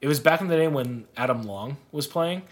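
A man's voice: medium pitch, animated, fairly quick. A young man co-hosting a podcast, telling a sports story in casual chat, rambling and laughing often. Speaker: podcast co-host.

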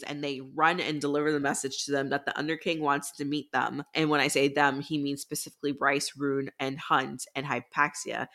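A woman's voice: low-pitched, fairly bright tone. A woman co-hosting a book podcast, recapping the plot in casual, swearing chat. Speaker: podcast co-host.

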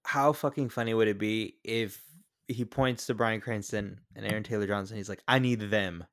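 A man's voice: on the low side, fairly even intonation, moderate pace. A young adult man co-hosting a casual movie podcast, teasing his co-host and retelling scenes with jokes. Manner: joking, teasing banter.

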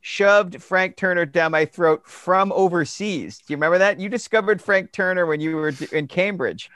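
A man's voice: sits high, normal speed, a bit bright, no echo. Rambling man, dry close sound. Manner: rambling storyteller, many "like" fillers. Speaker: podcast co-host. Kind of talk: casual chat.

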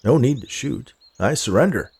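A man voicing a calm, disarming stranger. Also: medium pitch, moderate pace, vocal fry, slightly rough. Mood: calm persuasive. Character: charming calm stranger, grown man, land buyer.

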